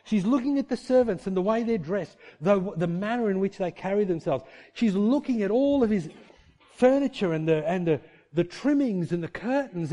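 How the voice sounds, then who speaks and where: A man preaches with a fairly high, mellow voice. He talks to the congregation casually and keeps firing rhetorical questions at them, speeding up and slowing down for emphasis. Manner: animated, shifting pace for emphasis. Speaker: pastor. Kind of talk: sermon.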